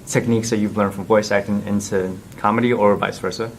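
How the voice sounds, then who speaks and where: A man's voice: lowish voice, little pitch movement, fairly quick, a little hiss or hum. A man in the audience asking a question politely, with some hesitation.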